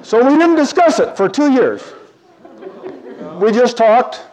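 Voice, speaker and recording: A man telling a personal story in a talk, animated, with big swings between loud and quiet. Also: extremely high pitch, unhurried, some chatter behind.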